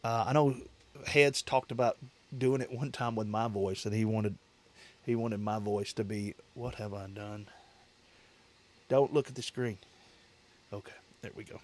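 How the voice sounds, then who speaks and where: Male livestream host, loose and rambling, repeats phrases, quick to laugh. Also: on the low side, steady tone, a little mellow. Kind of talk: casual livestream chat with viewers.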